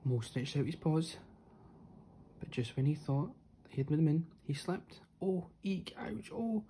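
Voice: mid-range voice, a little slow, slight background noise. A storyteller reading a children's picture book aloud, playing up the sound words. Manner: lively, playful sound words.

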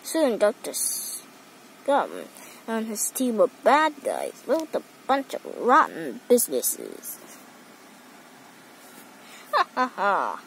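A woman narrates a playful kids' story, adding sound effects as she goes. She speaks very slowly, drawing out each phrase. Her high voice swings widely from word to word. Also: gravelly, a little hiss or hum, low-quality recording. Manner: animated, slow and expressive.

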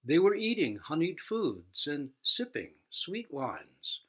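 A man who teaches Zen, telling a fable slowly and expressively. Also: fairly high pitch, breathy edge. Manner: slow, expressive storytelling. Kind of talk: storytelling talk.

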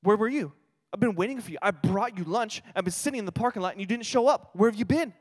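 A man voicing a strong-willed mother who scolds her teenage son with sharp, demanding questions. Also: mid-range voice, quick pace, lightly acted. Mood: scolding.

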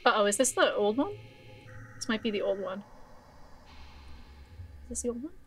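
A woman's voice: mid-range voice, expressive, moderate pace, a bit bright, slight background noise. A young woman streaming a video game, chatting casually in a giggly, scattered way full of exclamations and restarts.

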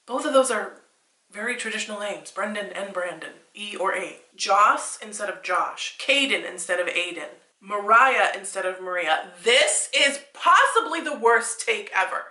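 A woman in her thirties, a baby name consultant, reacting to an article on camera, animated and increasingly exasperated, laughing often. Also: mid-range voice, echoey room.

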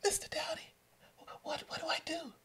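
A man's voice: extremely high pitch, flat delivery, moderate pace, pushed and bright, pitched above the performer's own voice, full character voice. A man whispering as a terrified teenage girl hiding. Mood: scared whisper. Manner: trembling whisper.

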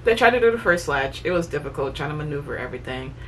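A woman's voice: low voice, expressive, fast, a bit bright, distant mic, a little hiss or hum. A young woman, a new mother, chatting casually and matter-of-factly, correcting her partner's details. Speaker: new mother, vlog co-host. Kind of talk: casual conversation.

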